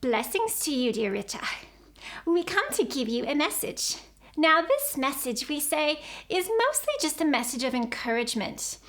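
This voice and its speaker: Gentle spirit guides talking as "we", slow and solemn, higher voice, as a woman channels them.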